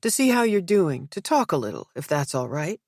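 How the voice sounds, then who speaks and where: A woman voicing a calm female therapist in an audiobook, gentle and measured. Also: low voice, slightly rough, no room sound, studio quality, heavily acted.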